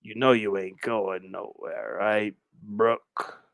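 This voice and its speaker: A man doing a menacing stalker who drops his voice deep and drags each word out. He murmurs taunts in a slow, creeping hush. The sound is dry and close. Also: flat delivery, gravelly, no echo, exaggerated voice. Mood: creepy.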